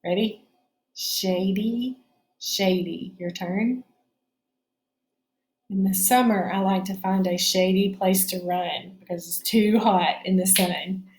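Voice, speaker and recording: A woman's voice: medium pitch, reverberant. A woman teaching a phonics spelling lesson, explaining each step patiently.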